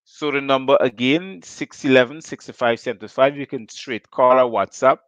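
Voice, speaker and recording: A man's voice: mid-range voice, moderate pace, a bit bright, no echo, highs cut off. A Guyanese man hosting a call-in show, firing off rhetorical questions in a fiery political monologue.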